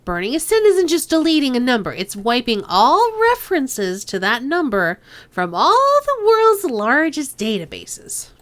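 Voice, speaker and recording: A woman's voice: lowish voice, big pitch swings, measured pace, few pauses, fairly bright tone, dry recording. A woman voicing a brash, sing-song female crime boss with a nasal, teasing voice. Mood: persuasive. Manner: teasing, drawling with pet names.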